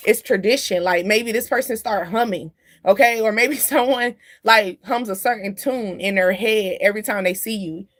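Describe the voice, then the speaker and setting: A woman's voice: medium pitch, normal speed. A woman giving a casual spiritual card reading straight to camera, chatty and loose, often turning to the viewer with side remarks and drifting off topic. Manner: drifts off topic and laughs at herself. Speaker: tarot card reader.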